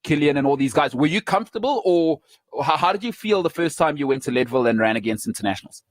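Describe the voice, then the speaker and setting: A South African man hosts a sports talk show with a fairly high voice and plenty of excitable energy. He reacts fast and keeps the chat moving. The sound is close and dry. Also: no echo. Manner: excitable, quick to laugh. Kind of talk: casual podcast interview.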